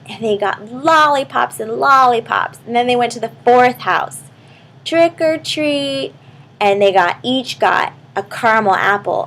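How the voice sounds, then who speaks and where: A woman telling an improvised bedtime story to a child, speaking warmly and turning to the listener with questions. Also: medium pitch, gravelly, rough recording. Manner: warm, addresses the listening child directly.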